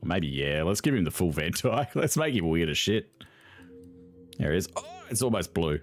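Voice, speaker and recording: Deep-voiced, animated sarcastic male gamer. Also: moderate pace, faint music behind. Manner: sarcastic, swears freely, laughs often. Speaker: gaming video host. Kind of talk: casual gameplay commentary.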